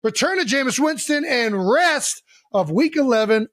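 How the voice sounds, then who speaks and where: A high-pitched man from Ohio riffs loudly through podcast banter, swearing freely and joking between segments. His voice sits close on a dry studio mic with almost no room sound. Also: animated, normal speed, no room sound. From Cleveland Heights, Ohio. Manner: loud, profane, joking. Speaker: podcast co-host.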